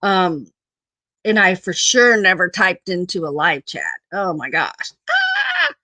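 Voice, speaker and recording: A woman's voice: lowish voice, huge pitch swings, slow pace, pushed and bright, no room sound. A middle-aged woman hosting a casual live-stream chat, laughing often and repeating her phrases affectionately.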